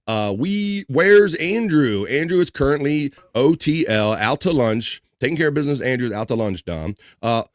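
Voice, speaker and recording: Guy hosting a live stream, reads the chat out loud, laid back and jokey, dry close sound. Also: medium pitch, lively intonation, moderate pace, hardly any pauses, no room sound. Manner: casual, chatty, laughing often, loose slang. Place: home streaming setup.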